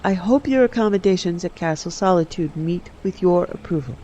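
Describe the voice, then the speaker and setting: A man reading aloud and voicing an eleven-year-old boy king in a raised, childish pitch. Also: brisk, mellow, lo-fi sound, slight background noise, close to an everyday voice. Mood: petulant.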